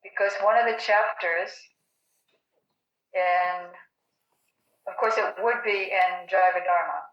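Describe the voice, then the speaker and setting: Woman teacher, unhurried and explanatory, echoey and dull online call audio. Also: on the low side, steady tone. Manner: slow, explanatory, repeats definitions. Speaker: spiritual teacher. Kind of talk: religious class answering questions.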